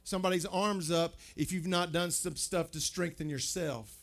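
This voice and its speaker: A man delivering a sermon in a chatty, direct way, his voice sitting slightly high for a man. He keeps turning to the congregation with questions and often restarts and repeats his words as he goes. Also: fairly even intonation, moderate pace, gravelly. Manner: conversational preaching, asks the crowd questions, stammers and repeats words. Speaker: pastor.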